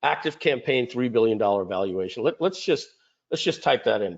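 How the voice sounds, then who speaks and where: A man's voice: medium pitch, expressive, moderate pace, gravelly, muffled recording. A man casually presenting his company's story in a rambling way, with many fillers and restarts. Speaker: company founder presenting a webinar. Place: home.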